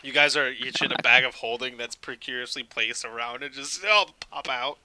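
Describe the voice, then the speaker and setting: A man's voice: medium pitch, flat delivery, moderate pace, pushed and bright, rough recording. A man running a tabletop game as game master, narrating loosely with many fillers.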